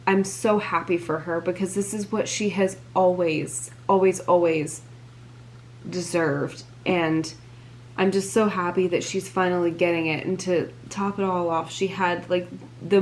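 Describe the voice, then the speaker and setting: Young woman, vlogger, low-ish voice, unhurried, gushing, lots of fillers, sighing, faint hum behind. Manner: gushing, filler-heavy, breathy sighs. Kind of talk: casual chat while crafting.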